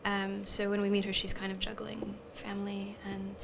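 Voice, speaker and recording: A woman's voice: medium pitch, monotone, moderate pace, creaky, noisy background. A woman speaking as an actress in an interview, sincere and slightly hesitant as she describes her character. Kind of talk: casual interview answer.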